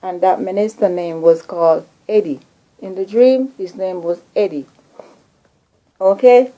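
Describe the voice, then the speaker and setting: A woman host earnestly recounting a dream as a message to her viewers, slow and deliberate. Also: mid-range voice, warm tone, low-quality recording. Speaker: video channel host.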